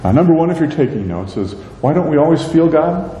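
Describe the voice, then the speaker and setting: Man preaching a sermon, lively pitch, mellow tone, roomy church reverb, faint hiss. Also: fast, highs cut off. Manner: animated, acts out prayers and quotes in a raised voice. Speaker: pastor. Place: church sanctuary. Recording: echoey church hall, faint noise.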